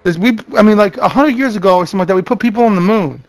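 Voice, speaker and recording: A man's voice: high voice, rapid-fire. A man streaming games and chatting casually, blunt and swearing freely. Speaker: gaming streamer and company owner. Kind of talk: casual gaming chat.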